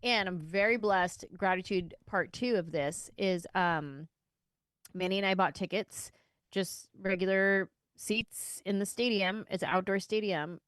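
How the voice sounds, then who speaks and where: A woman hosting a podcast in a studio, telling stories in a lively, casual way and using a lot of slang. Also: medium pitch, unhurried, no echo. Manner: animated storyteller with casual slang. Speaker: podcast host.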